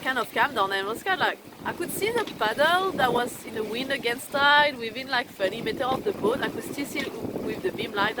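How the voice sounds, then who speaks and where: A woman vlogger telling a casual, rambling story to camera while steering her sailing boat, swearing freely and laughing between phrases. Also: on the high side. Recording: wind noise on an open deck.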